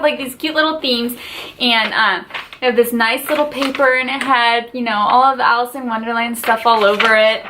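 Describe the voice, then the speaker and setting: A woman's voice: a little high, background noise. A woman vlogger gushing in a casual haul and unboxing video, chatty and full of fillers like "like" and "just".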